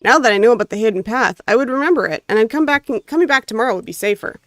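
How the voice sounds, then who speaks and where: Rapid-fire and animated, the woman speaks on the high side with a fairly bright tone, captured in studio quality with no echo. She reads her visual novel aloud with expression on stream, her North American accent clear, and stops for casual chats with viewers.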